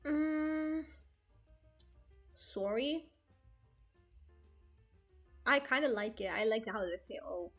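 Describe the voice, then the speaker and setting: A woman's voice: a little high, expressive, takes it slowly, long pauses, soft background music. A young woman streamer chatting casually with her viewers, rambling and correcting herself, laughing often. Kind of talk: casual chat with live chat.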